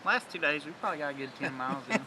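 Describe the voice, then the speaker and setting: A man speaks fast in short, agreeing replies, with a bright, slightly high voice. He is outdoors in the woods, and a faint hiss sits behind him. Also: animated, rough recording. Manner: brief, quick agreeing replies. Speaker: landowner and hunting partner. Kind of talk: casual chat after a hunt.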